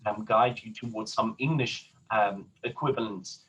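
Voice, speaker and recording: A man giving a diction lesson for singers, talking in a relaxed way with many ums and uhs and encouraging the listener. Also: fairly low pitch, normal speed, husky, low-quality recording. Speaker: opera diction teacher. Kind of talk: instructional lesson.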